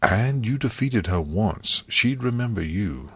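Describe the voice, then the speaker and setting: A man reading an audiobook, voicing a gentle, motherly pony princess who speaks softly and soothingly. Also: fairly low pitch, expressive, measured pace, breathy edge, dry recording, full character voice. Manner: soothing, soft.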